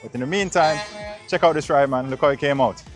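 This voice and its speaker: A man's voice: mid-range voice, fast, faint music behind. A man vlogging a car detailing job, talking casually and slangily to his viewers as he works. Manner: laid-back, slangy, addresses viewers as guys. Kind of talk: casual how-to narration. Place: outdoors beside a car being washed.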